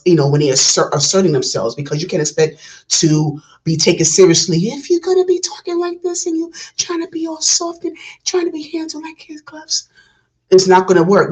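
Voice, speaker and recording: A woman's voice: deep voice, poor audio. A woman hosting a reaction video, giving passionate casual commentary with many restarts. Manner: passionate, talks it through with restarts.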